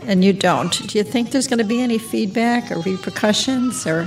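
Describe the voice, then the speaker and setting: A woman radio host asking a guest measured, supportive questions at a live bookstore event. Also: medium pitch, darkish tone. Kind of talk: live interview conversation. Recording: distant mic at live event.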